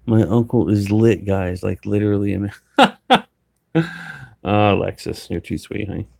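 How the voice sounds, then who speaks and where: A man talking casually and rambling with many fillers, a licensed auctioneer who breaks into a rapid auction chant. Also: fairly low pitch, expressive, creaky, a little mellow, no echo. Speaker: reseller and auctioneer. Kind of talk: casual live chat.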